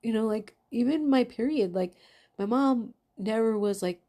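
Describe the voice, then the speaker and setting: A woman's voice: a little high, moderate pace, mellow. Angry, raw-voiced woman venting. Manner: raw, emotional, swearing. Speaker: vlogger. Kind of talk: confessional monologue.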